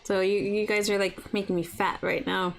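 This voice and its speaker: Streaming breakfast from her home apartment, this young woman talks in a mid-range, gravelly voice at a moderate, level pace over slight background noise. Her chatter is loose and full of "like," and she picks up viewers' comments and answers them live.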